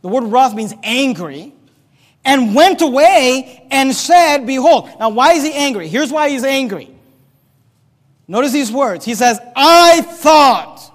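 A pastor delivers an animated sermon in a very high voice, reading scripture and playing out its characters. His words ring through a church hall with a long reverb tail. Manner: animated preaching, reads scripture aloud, acts out characters.

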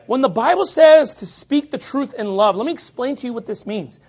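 A man preaching a sermon as pastor, forceful and loud at times, mocking the voices of his critics. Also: very high voice, lively intonation, a little fast.

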